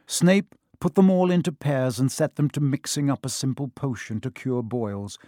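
A man reading a children's fantasy novel aloud in measured, scripted narration. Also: medium pitch, mellow, dry recording, clean studio sound. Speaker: audiobook narrator.

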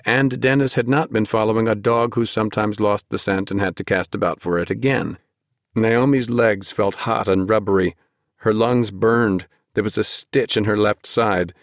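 A man narrating an audiobook in a measured storytelling manner, close to the microphone. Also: fairly low pitch, dry recording. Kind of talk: scripted narration.

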